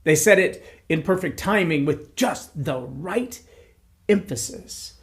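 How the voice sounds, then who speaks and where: A man who coaches speakers, giving a reflective solo talk, measured and building points through repeated phrases. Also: a little high, lively intonation, gravelly.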